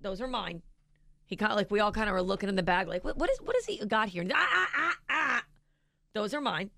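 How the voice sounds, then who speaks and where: A woman co-hosting a radio show, telling a family story in lively casual banter and acting out each person in it. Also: mid-range voice, fast, no echo. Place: radio studio.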